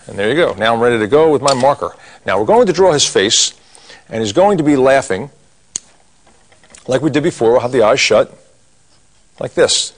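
A middle-aged man teaching a cartoon drawing lesson, talking through each step as he draws and cracking corny jokes. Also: medium pitch. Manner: folksy, corny jokes, talks while drawing. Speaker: drawing instructor.

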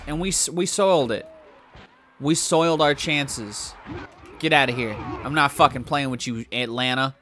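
Young man, let's play commentator, bright tone, profane and excitable, music bed under him. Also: medium pitch, normal speed, pauses often. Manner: excitable, profane, yells at the game. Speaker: gaming YouTuber.

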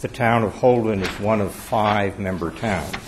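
A man speaking as an attorney in court, giving a measured, deferential formal legal argument. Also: lowish voice, noisy background. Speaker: attorney arguing before an appeals court.

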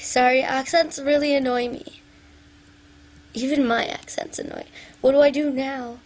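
A woman's voice: high-pitched, fairly even intonation, a little slow, darkish tone. A young woman chatting casually over her gameplay, talking to viewers and singing bits of songs. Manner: chatty, sings along to pop songs, talks to viewers. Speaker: gaming video maker.

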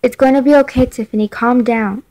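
A woman's voice: fairly high pitch, steady tone, a little fast, a little mellow, close to an everyday voice. A woman reading aloud as a worried mother who firmly tells her daughter to stay safe and holds back a secret. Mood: tense. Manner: firm, urging caution. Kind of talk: reading a chat story aloud.

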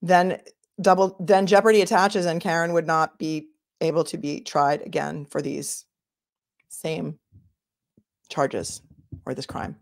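A woman's voice: low voice, little pitch movement, a little slow, creaky, long pauses, dry recording, clean studio sound. A woman attorney hosting a casual livestream, chatting and answering viewer comments as she thinks aloud.

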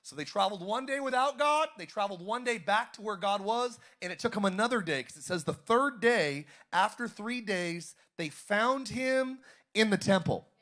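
A man's voice: high voice, animated, brisk, few pauses, bright, forceful tone. A young adult man, a pastor, preaching a sermon in a church auditorium and drawing call-and-response from the congregation.

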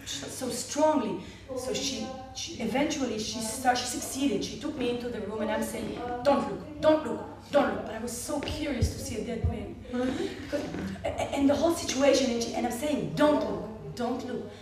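A woman's voice: fairly high pitch, a crowd in the background. Israeli woman telling a story in an echoey hall. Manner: animated storyteller, laughs often, halting restarts. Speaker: medical clown. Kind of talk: personal story told to a panel audience. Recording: echoey hall, distant mic, audience noise.

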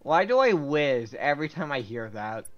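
A man's voice: on the high side, big pitch swings, moderate pace, fairly bright tone, lo-fi sound, soft background music. A man chatting casually on a game stream, hesitant and full of fillers. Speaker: stream guest. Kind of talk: casual gaming chat.

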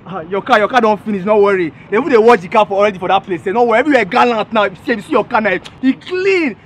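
High, excitable Nigerian mechanic. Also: male voice, very fast, slight background noise. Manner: excitable, placating. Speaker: mechanic in a comedy sketch. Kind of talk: comic sketch in pidgin.

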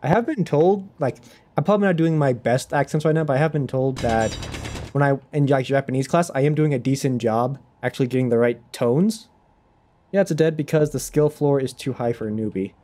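Young male streamer, mid-pitched, chatty and self-deprecating, casual gaming talk. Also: fairly quick, mellow.

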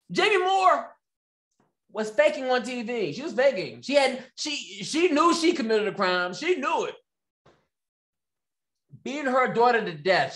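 A man's voice: extremely high pitch, a bit bright. A man hosting his own commentary show, ranting with sarcasm and repeating phrases for emphasis. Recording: echoey room.

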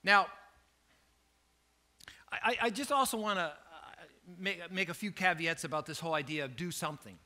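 A male pastor preaches with a high, sharp, tense voice. He tells stories in an animated way and jokes at his own expense as he makes his point. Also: normal speed, pauses often. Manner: storytelling, animated, self-joking. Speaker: lead pastor. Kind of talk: sermon.

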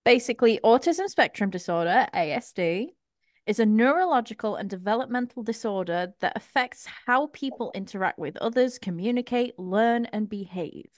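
A woman's voice: a little high, expressive, moderate pace, no room sound, clean studio sound. A woman from England with a British English accent, hosting a casual group podcast chat. She is chatty and giggly, and she reads some parts out from her notes. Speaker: podcast host.

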